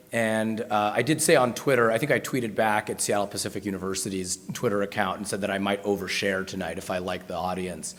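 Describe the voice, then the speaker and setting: An American man giving a storytelling talk at a university, chatty and self-mocking, with lots of fillers and restarts. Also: fairly low pitch. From United States. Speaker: guest speaker at a university.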